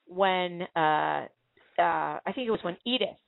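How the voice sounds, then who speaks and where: A woman's voice: on the low side, a little slow, gravelly, dry recording. A woman hosting a casual talk show, telling stories in a rambling way with plenty of fillers and restarts. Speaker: host. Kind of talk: casual podcast chat. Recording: tinny phone-line call.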